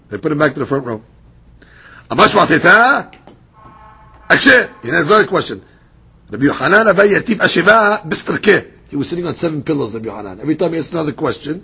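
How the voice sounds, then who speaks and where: A man teaching a daily Talmud class, reading passages aloud and retelling them as a lively story. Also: on the high side, vocal fry, breathy edge. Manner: lively storytelling, reads Aramaic then explains in English.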